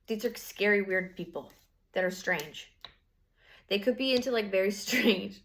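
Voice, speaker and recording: Woman, tarot reader, casual reading to camera, gravelly fry, rambling, blunt, swears, laughs often. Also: medium pitch, lively intonation, moderate pace, fairly bright tone. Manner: rambling, blunt and profane, with frequent fillers; laughs while talking.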